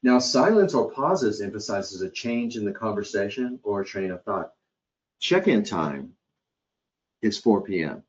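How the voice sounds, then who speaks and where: A man's voice: lowish voice, lively intonation, unhurried. A man presenting a live hospitality training webcast in a conversational way, often checking in with his listeners. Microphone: computer or headset mic on a webcast. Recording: dull lo-fi webcast audio.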